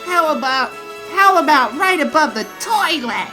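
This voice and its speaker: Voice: high-pitched, lively intonation, unhurried, sharp tone, soft background music, exaggerated voice. A comedian voicing a meek, timid seventeen-year-old son, whiny and obedient, in a comedy sketch.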